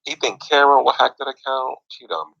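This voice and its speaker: A man's voice: medium pitch, brisk, vocal fry, a bit bright. A man moderating a casual online group chat, chatty and teasing, laughing often. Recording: lo-fi app audio.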